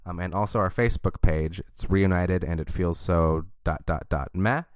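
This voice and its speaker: Young male podcast co-host, fairly low voice, jokey. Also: moderate pace, no room sound, clean studio sound. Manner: joking, plugs the show. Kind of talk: casual podcast chat.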